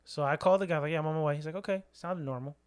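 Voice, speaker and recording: A man hosting a casual podcast, telling a story with lively delivery and frequent laughs. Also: a little high, racing. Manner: animated storyteller, laughs often. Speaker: podcast host.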